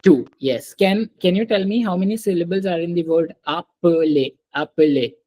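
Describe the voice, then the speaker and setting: A woman's voice: on the low side, expressive, brisk, warm tone, dry recording, low-quality recording. A woman teaching French pronunciation to a small online class, patiently repeating and checking understanding over a video call.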